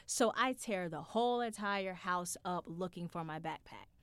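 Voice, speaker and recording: A woman's voice: lowish voice, moderate pace, smooth, no echo. Chatty, profane young woman storyteller. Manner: chatty, profane, animated, acts out her own quotes. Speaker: podcast host. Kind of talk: casual storytelling monologue.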